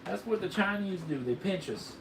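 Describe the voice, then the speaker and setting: High-voiced man in a put-on Southern drawl. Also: expressive, moderate pace, creaky. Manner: folksy, joking, rambling. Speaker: fireworks video host. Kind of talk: casual hands-on demonstration. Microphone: camera mic, filmed by a camera operator. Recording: roomy, distant camera audio with faint noise.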